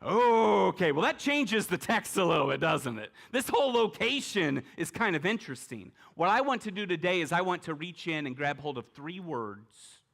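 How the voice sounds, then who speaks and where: At a church service, a middle-aged male pastor delivers a conversational sermon, posing rhetorical questions and slipping in light jokes. His voice sits high and a bit bright, with big pitch swings, some vocal fry, few pauses, and a moderate pace.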